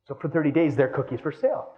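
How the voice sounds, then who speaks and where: A man in his thirties giving a live keynote talk, lively and playful, acting out quoted voices as he goes. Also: fairly high pitch, quick pace, highs cut off. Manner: animated, acts out quoted voices. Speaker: keynote speaker.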